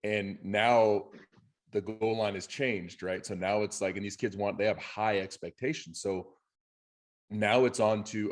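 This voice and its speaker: A man with a fairly low voice co-hosts a casual podcast about coaching. He speaks earnestly and from the heart about the kids he coaches, sounding sincere rather than polished. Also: steady tone, a little slow. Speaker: podcast co-host and youth and high school coach.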